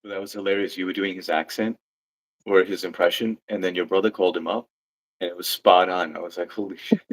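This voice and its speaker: A man with a very low voice co-hosting a livestream. He talks in an easygoing, agreeable way and reads viewers' comments aloud. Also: steady tone, fairly quick, rough recording. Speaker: livestream co-host. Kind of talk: casual livestream chat.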